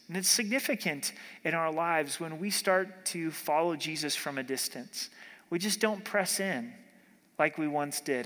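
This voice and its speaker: A pastor giving a midweek Bible study sermon, slowing to read scripture aloud and asking the congregation rhetorical questions. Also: male voice, a little high, a bit bright. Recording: long hall reverb.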